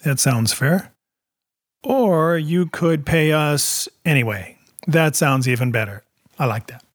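A man's voice: on the high side, lively intonation, slow, dry recording, clean studio sound. A man co-hosting a story podcast, giving a friendly, joking introduction. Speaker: podcast co-host. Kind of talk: casual show introduction.

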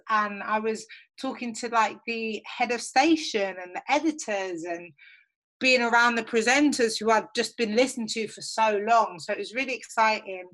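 A woman's voice: medium pitch, low-quality recording. A young woman who works as a radio producer and presenter, answering interview questions in a chatty, upbeat way with lots of fillers.

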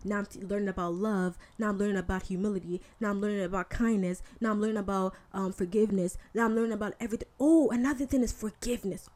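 A woman hosting a podcast and giving a casual faith talk monologue, candid and animated, with slangy asides. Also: medium pitch, quick pace, few pauses. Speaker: podcast host.

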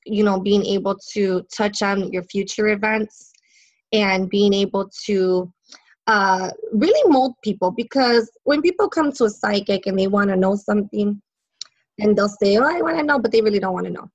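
A woman's voice: medium pitch, moderate pace, muffled recording. A woman psychic in an interview, telling stories in a chatty way, laughing often and using many fillers. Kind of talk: casual interview storytelling.

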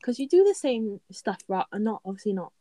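A woman's voice: mid-range voice, very animated, brisk, warm tone, no room sound, low-quality recording. A young woman, chatting casually as an advice co-host and using lots of "like" fillers. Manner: chatty, filler-heavy, laughs often. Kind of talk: casual chat.

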